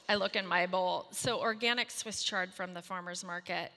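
Bright-voiced woman telling a funny story. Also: mid-range voice, normal speed, few pauses, long reverb tail, slight background noise. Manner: animated, self-mocking, acts out voices in quotes. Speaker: speaker to a moms' group. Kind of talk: humorous storytelling talk.

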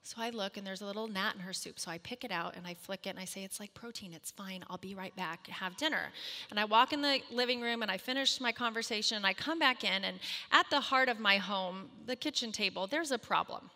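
A woman in her thirties telling a humorous, self-mocking story to a moms' group, animated and acting out the voices in her quotes. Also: medium pitch, fast, hardly any pauses, long reverb tail.

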